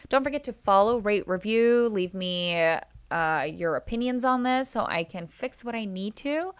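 A woman's voice: medium pitch, expressive, moderate pace, clear, resonant tone. A young woman hosts a solo podcast and recaps reality TV episodes. She is chatty and opinionated and keeps calling her listeners guys. Her voice sits at a middle height. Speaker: podcast host.

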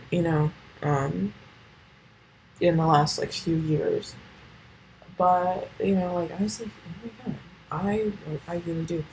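A woman's voice: fairly low pitch, a little mellow, slight background noise, poor audio. A teenage girl hosting a casual solo podcast, rambling with lots of fillers and swearing. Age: teens. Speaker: podcast host.

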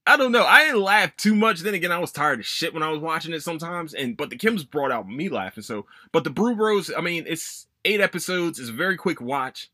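Man, young adult, podcast host, rambling, profane, animated, bright tone. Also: a little high, a little fast, few pauses, no room sound. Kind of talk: casual solo chat.

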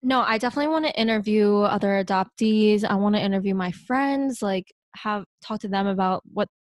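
A young woman from Pennsylvania chats as a podcast guest, spinning lively stories and slipping into the voices of the people in them. Her voice sits at a medium pitch, and the sound is dry and close, with no room around it. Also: a little fast, dry recording. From Pennsylvania, USA. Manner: animated storyteller who acts out what people said. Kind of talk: casual chat.

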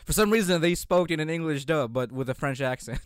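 A man's voice: fairly high pitch, a little fast, smooth, no echo, clean studio sound. A man co-hosting a podcast, rambling through casual banter and laughing often. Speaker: podcast co-host.

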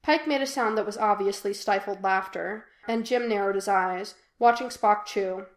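This podfic is read by a woman whose voice sits at a medium pitch. She narrates the fan fiction calmly and evenly, never rushing, and the room she records in has a noticeable echo.

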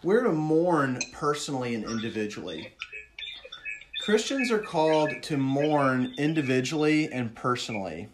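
A man preaching a sermon with earnest feeling. He asks his listeners questions and drops to a hushed, low voice on words of grief. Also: sing-song, measured pace, background noise.

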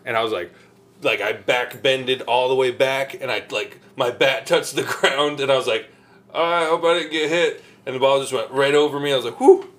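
A man's voice: mid-range voice, fairly even intonation, fairly quick. A man in a casual chat, recounting a near miss at bat with swearing and laughs.

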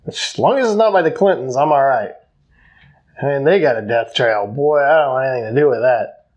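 A man's voice: medium pitch, animated, a little fast, darkish tone, dull audio. A man co-hosting a casual podcast chat, rambling and joking, often breaking into giggles. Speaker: podcast co-host.

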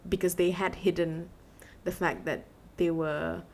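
A woman's voice: lowish voice, level tone, measured pace, creaky, darkish tone. A woman co-hosting a book podcast, chatting casually, laughing often and acting out quotes from the story. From Malaysia.

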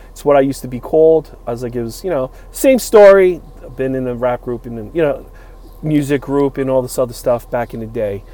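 A man's voice: medium pitch, dark tone. A man in his forties telling a long personal story in a rambling, casual way, full of fillers and quoted dialogue. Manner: rambling, many fillers, acts out quoted lines. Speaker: utility worker telling a story.

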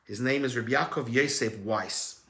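A man giving an emphatic sermon-style teaching talk as a religious speaker and coach, swinging between loud urging and quiet earnest tones. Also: medium pitch, normal speed, roomy sound.

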